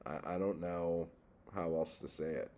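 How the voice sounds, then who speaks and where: A man's voice: low-pitched, fairly even intonation, measured pace, darkish tone. A man hosting a casual livestream, reading chat and rambling, profane and easily worked up.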